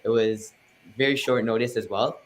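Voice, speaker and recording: A man's voice: mid-range voice, fairly even intonation, moderate pace. A teenage boy answers a host's questions over a video call, polite and eager to share. A faint hiss sits under his voice. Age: teens. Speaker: guest musician. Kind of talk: casual interview answers.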